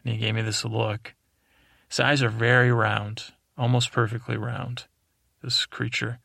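A man hosting a podcast, telling a rambling improvised bedtime story in a meandering, deadpan way. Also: mid-range voice, a little slow, creaky, no echo, studio quality. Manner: meandering, deadpan, full of restarts. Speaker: podcast host.

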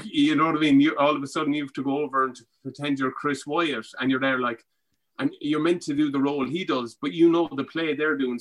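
An Irish man, a former rugby player, chatting as a podcast guest and telling animated stories, acting out what others said. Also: a little high, poor audio. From Ireland. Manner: animated storytelling, acting out quotes. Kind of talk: casual chat.

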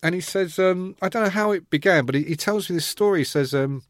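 A man's voice: sits high, quick pace, no room sound, studio quality. A man from Ireland telling rock-touring stories in a casual podcast chat. He acts out the people in his stories with voices. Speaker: podcast guest.

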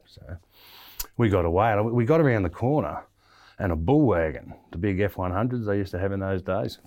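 A man's voice: low-pitched, a little mellow, no echo, studio quality. An Australian man telling a long story in an interview, rambling with lots of ums and restarts. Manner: rambling, many fillers and restarts. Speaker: interview guest. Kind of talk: casual storytelling.

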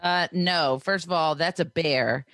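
A woman's voice: low-pitched, a little slow, fairly bright tone, no echo. A woman co-hosting a podcast, chiming in with dry, teasing wisecracks. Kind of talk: casual chat.

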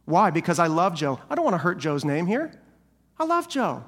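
A man's voice: high voice, very animated, normal speed, fairly bright tone, in a large hall. A male senior pastor giving a sermon, preaching animatedly and acting out the voices of people he quotes.

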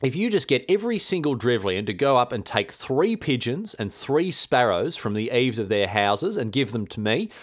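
A man's voice: mid-range voice, big pitch swings, moderate pace, few pauses. A man voicing a scheming, vengeful medieval queen in casual slang, offhand and blokey. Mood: breezy, scheming.

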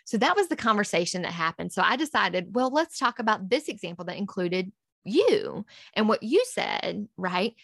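A woman's voice: mid-range voice, very animated, moderate pace, creaky, fairly bright tone, dry recording, clean studio sound. A woman, a podcast guest, earnestly recounting a personal story and acting out past conversations in quotes.

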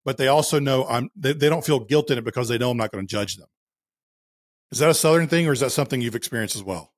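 A man's voice: mid-range voice, fast, no echo. Man, mid-range voice, dry close mic, thoughtful casual podcast talk. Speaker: podcast co-host. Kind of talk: casual chat.

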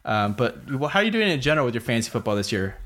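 A man's voice: medium pitch, racing. Male podcast host, easygoing sports chat, chuckles a lot. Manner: relaxed, laughs often, many fillers. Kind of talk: casual sports betting chat.

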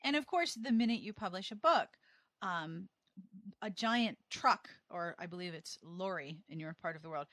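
A woman's voice: lowish voice, expressive, moderate pace, a bit bright, dry recording. A woman co-hosting a podcast, asking questions in a casual interview chat with a sarcastic, playful, teasing humor. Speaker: podcast co-host.

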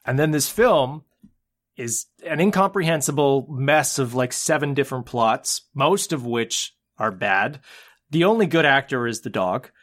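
A man's voice: medium pitch, expressive, unhurried, fairly bright tone. A man hosting a casual podcast chat, blunt and jokey as he ranks films and signs off. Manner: blunt, jokey, wraps up the show. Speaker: podcast host.

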